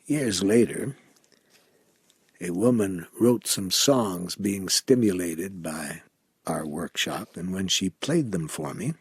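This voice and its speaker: A man teaching a workshop, telling a personal story in an unhurried, reflective way and acting out the dialogue. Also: low voice, slightly rough, dry recording, studio quality. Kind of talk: anecdotal storytelling talk.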